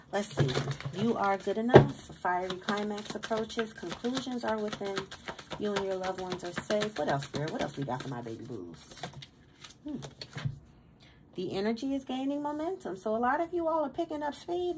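A woman's voice: mid-range voice, lively intonation, moderate pace, pauses often, noisy background. Profane, emphatic woman tarot reader. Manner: emphatic, profane and streetwise, with repeated stammered words; preachy motivational pep talk. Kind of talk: casual tarot reading to camera.

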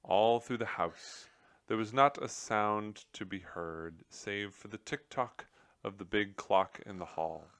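A man narrates a children's book aloud in a gentle storytelling manner. His voice is deep and his pace slow. The sound is dry and close. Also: no echo.

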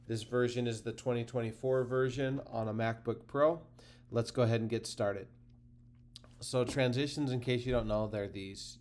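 A man hosting a casual software tutorial, talking through the steps relaxed and thinking aloud as he clicks. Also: mid-range voice, a little hiss or hum. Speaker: tutorial host.

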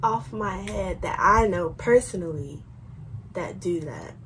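A woman co-hosting a reaction video, chatting casually and firing off quick questions. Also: mid-range voice, lively intonation, background noise. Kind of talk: casual chat.

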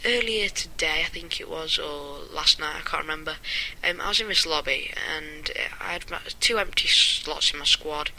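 A man talks over his gameplay in a loose, rambling way and keeps breaking into chuckles. His voice sits a little high and rings very bright and sharp. There is a faint hum behind him. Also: moderate pace, hardly any pauses, rough recording. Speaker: gameplay commentator. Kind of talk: casual gameplay commentary.

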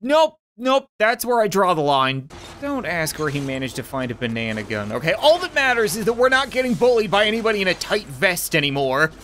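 A man's voice: high-pitched, big pitch swings, a little fast, few pauses, pushed and bright, a little hiss or hum. A man giving crude, joking commentary while playing video games. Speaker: gaming YouTuber. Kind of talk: comedic gameplay commentary.

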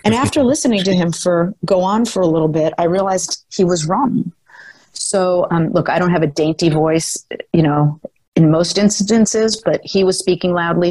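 Assured older woman, husky and dry. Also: lowish voice, darkish tone, no echo, poor audio. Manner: articulate, emphatic, self-assured storyteller. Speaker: guest, former sports executive. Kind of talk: storytelling in a podcast interview.

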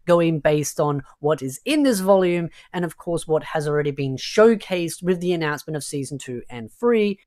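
Chatty woman reviewing a light novel. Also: lowish voice. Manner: chatty and emphatic, leaning on "of course" and "definitely"; gets worked up and exasperated at the characters. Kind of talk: casual spoken review.

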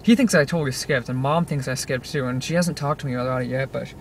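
A man's voice: mid-range voice, fast talker, distant mic. A teenage boy rambling and venting in a casual video diary, filming himself in his parked car with many restarts. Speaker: vlogger. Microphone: handheld camera set on dashboard. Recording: car interior with outside noise. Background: car and traffic noise.

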